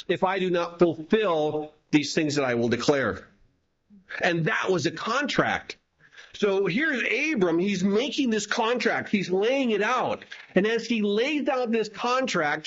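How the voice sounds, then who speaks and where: A man preaching a sermon, reading scripture aloud and explaining it to the congregation with rhetorical questions. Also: high voice. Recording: dull lo-fi recording.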